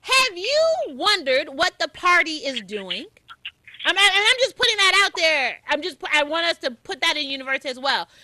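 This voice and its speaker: Animated high-voiced woman host. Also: normal speed, no echo. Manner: animated, interjecting, emphatic. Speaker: talk show host. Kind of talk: radio talk show conversation.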